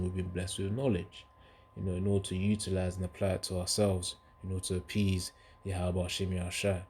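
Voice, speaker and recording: A man's voice: deep voice, a little mellow, slight background noise. A man giving casual religious commentary in a loose, rambling way, full of filler asides.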